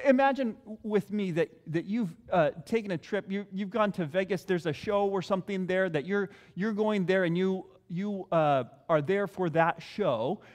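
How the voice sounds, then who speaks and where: This high-voiced man preaches in a conversational style, circling back to key phrases as a pastor. Long reverb from a hall fills the recording.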